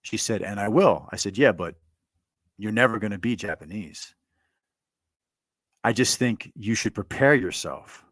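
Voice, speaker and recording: Blunt male storyteller, lowish voice, dry close recording, provocative, full of restarts. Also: expressive, measured pace, long pauses, a bit bright, dry recording. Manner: blunt, provocative, repeats himself with stammered restarts. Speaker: commentator telling a personal story. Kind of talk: monologue recounting a conversation.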